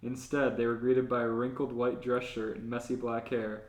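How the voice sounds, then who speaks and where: A man's voice: medium pitch, little pitch movement, normal speed, a little mellow. A man co-hosting a comedy podcast, reading fanfiction aloud. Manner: reads aloud, often laughing. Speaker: podcast co-host. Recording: roomy echo.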